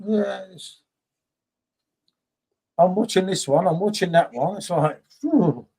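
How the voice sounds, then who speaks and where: Husky guy, breezy offhand chatter. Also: high-pitched, slow, dark tone. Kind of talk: casual chat.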